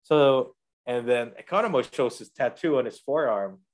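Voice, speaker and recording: A man with a mid-range voice retells a TV episode in casual chat. He narrates the action in an animated way, drops into quick impressions of the characters, and laughs easily along the way. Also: medium pitch. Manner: animated storyteller, acts out quotes, laughs often. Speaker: podcast host recapping a TV episode.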